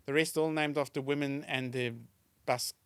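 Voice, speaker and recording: A man's voice: a little high, steady tone, moderate pace, clear, resonant tone, no echo. A man with a South African accent co-hosting a comedy podcast, rambling and giggling as he talks. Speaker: podcast co-host. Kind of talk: casual comedy chat.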